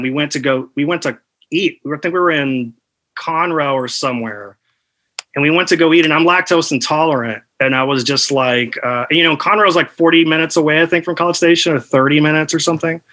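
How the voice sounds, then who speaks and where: A man in his thirties tells a crude tale in a loose podcast chat, peppering it with "dude". His voice sits high and rings bright and forceful. He stays animated throughout. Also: quick pace, rough recording.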